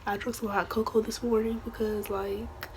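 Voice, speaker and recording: A woman with a hoarse, fading voice tells a rambling storytime vlog, slipping into a whisper. Her pitch barely moves, and faint background noise sits under the recording. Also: level tone, normal speed, a little mellow, low-quality recording. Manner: rambling, with restarts and self-corrections. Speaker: vlogger.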